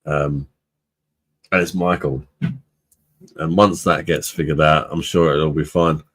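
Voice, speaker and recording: On his beer review live stream, a man chats loosely while reading out comments from viewers. He speaks slowly with fairly even intonation in a very low, rough, husky voice that's a bit bright, and he's blunt, profane, and quick to laugh.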